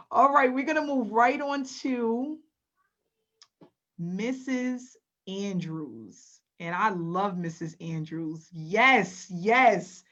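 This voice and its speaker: A woman's voice: medium pitch, lively intonation, slow, fairly bright tone. Woman hosting a webinar, upbeat, calls on ppl by name, kinda dull lo-fi sound. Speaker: webinar host. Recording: dull lo-fi audio.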